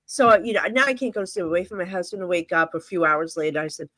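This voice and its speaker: A woman's voice: lowish voice, expressive, fast talker, pushed and bright, no echo. A middle-aged woman from New Jersey, a psychic medium telling stories in a casual interview, rambling and full of fillers like "you know".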